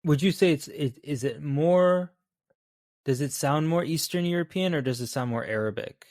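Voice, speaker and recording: A man's voice: on the high side, normal speed, darkish tone, dry recording, clean studio sound. A man co-hosting a podcast, chatting casually about a movie, laughing easily and asking his co-host questions. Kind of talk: casual film review chat.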